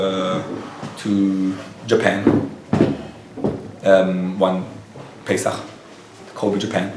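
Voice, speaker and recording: Animated storytelling rabbi, echoey room. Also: male voice, mid-range voice, a little hiss or hum. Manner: animated storyteller acting out quoted dialogue. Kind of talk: storytelling lecture. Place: lecture room with a live audience. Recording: echoey room, picked up from a distance.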